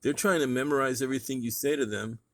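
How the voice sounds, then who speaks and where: A man's voice: mid-range voice, fast talker, no echo. A man speaks straight to his viewers in a casual vlog monologue. His voice sits in an ordinary middle range. He rants emphatically and circles back to the same points over and over. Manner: emphatic, ranting, repeats points. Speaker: vlogger.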